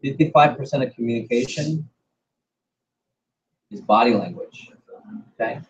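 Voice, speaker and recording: Energetic man leading a sales training. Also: medium pitch, moderate pace. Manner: animated, asks the group questions. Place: training room. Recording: dull lo-fi recording.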